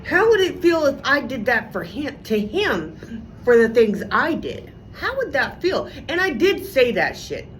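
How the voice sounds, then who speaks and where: A vlogger vents to her viewers in a sing-song voice at a measured pace, with a little hiss or hum in the recording. She is heated, profane and emphatic, her pitch swinging suddenly.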